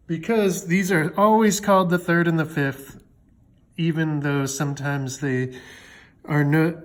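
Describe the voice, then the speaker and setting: A man with a slightly high voice walks through a music theory lesson. He talks in a loose, chatty way, full of fillers and small jokes, like he's explaining things to a friend.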